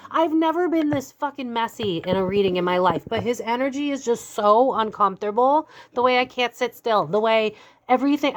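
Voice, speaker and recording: A young woman with a slightly low voice reads tarot cards for her viewers in a loose, chatty way. She is blunt, curses casually and breaks into laughter. She talks plainly and candidly throughout. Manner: blunt and candid, swears freely, laughs often. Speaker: psychic tarot reader. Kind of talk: casual spoken tarot reading.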